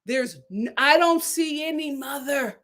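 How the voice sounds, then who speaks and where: A woman giving sassy, animated commentary on a reality show, laughing at her own jokes. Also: sits high, unhurried. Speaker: reality TV reviewer. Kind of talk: casual commentary.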